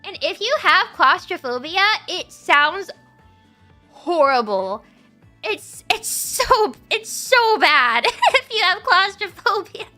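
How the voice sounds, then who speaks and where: A young woman telling a story casually to her stream, halting and restarting, laughing often. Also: very high voice, big pitch swings, pushed and bright, faint music behind.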